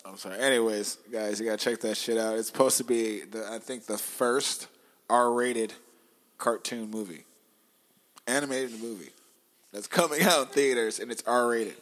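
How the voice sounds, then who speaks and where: A man co-hosting a relaxed podcast chat. He talks loosely, laughs often, and swears freely. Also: mid-range voice, moderate pace. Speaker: podcast co-host. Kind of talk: casual chat.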